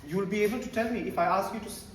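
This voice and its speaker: A man leads a teacher-training session, his voice pitched high for a man and full of animated prompts to the audience. The sound is distant and echoey, as if captured from across a large hall, with clear background noise under it. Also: rapid-fire. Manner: animated, mixes Hindi phrases into English, gets the audience to repeat and clap. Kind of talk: lively workshop lecture.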